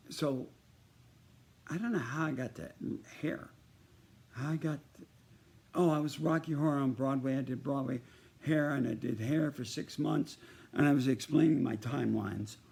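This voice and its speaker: A man's voice: mid-range voice, creaky, a little mellow, husky. An older man telling a rambling personal anecdote to one listener in a casual birthday message, jumping from one story to the next. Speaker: performer sending a birthday message.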